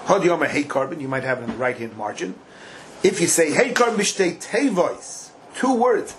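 A man leads a Talmud lesson, slipping into an animated sing-song whenever he quotes the text. His voice sits a little high for a man, and a faint hiss of room noise runs underneath. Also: moderate pace, low-quality recording. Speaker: Talmud teacher. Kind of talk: Talmud class lecture.

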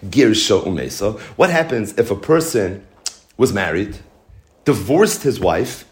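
A man's voice: lowish voice, sing-song, measured pace. A man teaching a Talmud lesson in a lilt, explaining step by step and posing rhetorical questions. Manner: explanatory, rhetorical questions, mixes Hebrew and Yiddish terms. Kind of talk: Talmud study lecture.

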